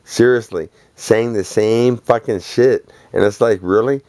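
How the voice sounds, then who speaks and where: A man's voice: fairly low pitch, measured pace, dark tone, dry recording. A man delivering a rambling, profane, boastful monologue, laughing between phrases.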